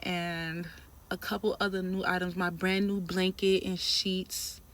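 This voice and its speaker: A woman telling a story in a casual vlog, animated and emphatic, with lots of slang. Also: lowish voice, a little slow, slight background noise. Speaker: trucking trainee telling a story.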